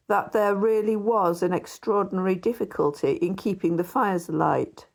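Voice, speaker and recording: Measured woman narrating a ghost story. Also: fairly low pitch, a little mellow. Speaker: audiobook narrator. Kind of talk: scripted narration.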